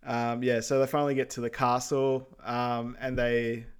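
A man's voice: mid-range voice, flat delivery, moderate pace, clear, resonant tone. A man co-hosting a podcast, summarizing a film's plot in an easygoing, casual way. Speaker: podcast co-host. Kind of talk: casual film recap chat.

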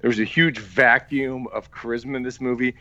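A man's voice: mid-range voice, steady tone, brisk, pushed and bright, dry recording. Brief: dry-witted contrarian male co-host, close and dull-sounding. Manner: sarcastic, contrarian, joking. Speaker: podcast co-host. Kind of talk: casual movie-review chat.

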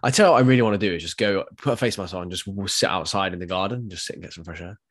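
A man's voice: sits low, very fast, husky, no echo, studio quality. A man who sounds nasal from being ill, co-hosting a podcast in a resigned, laid-back way with casual swearing. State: ill with a cold-like virus. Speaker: podcast co-host. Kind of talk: casual chat.

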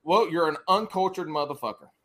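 A man's voice: a little high, brisk, fairly bright tone. A man from the US South with a Southern accent, co-hosting a casual fishing chat and teasing the others. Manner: joking, teasing.

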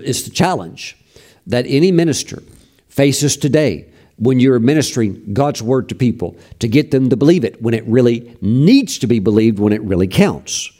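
A man preaching a sermon as pastor, emphatic and repetitive, often acting out other people's voices in a high plea. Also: warm tone. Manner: repeats phrases, frequent restarts.

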